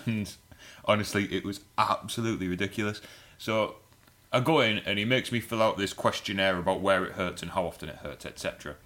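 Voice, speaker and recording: A man with a low, bright and forceful voice, spinning a rambling comic story in casual podcast chat. He swears freely and laughs as he goes. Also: brisk, few pauses. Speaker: podcast co-host.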